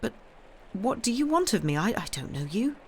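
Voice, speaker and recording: A woman reading aloud and voicing an innocent young girl who stammers and pitches her voice up high. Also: animated, brisk, a little hiss or hum, close to an everyday voice. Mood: stammering.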